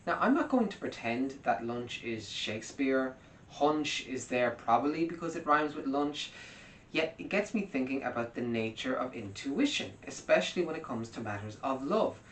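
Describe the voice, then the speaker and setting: A man's voice: animated, moderate pace, fairly bright tone. A man giving a wry, analytical music commentary as scripted narration. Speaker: music video essayist. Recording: roomy, distant mic with faint rumble.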